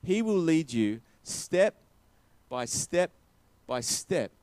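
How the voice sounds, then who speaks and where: A man delivering a sermon in a fairly high voice, driving each point home by repeating it. The sound is dry and close, with no room echo. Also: big pitch swings, slow pace, darkish tone. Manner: emphatic, repeating key phrases. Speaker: preacher.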